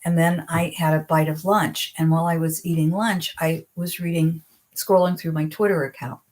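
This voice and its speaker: Earnest woman with a lowish voice. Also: flat delivery. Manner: earnest, gentle, speaks slowly at heartfelt points. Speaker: psychic video host. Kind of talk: reflective live-stream talk.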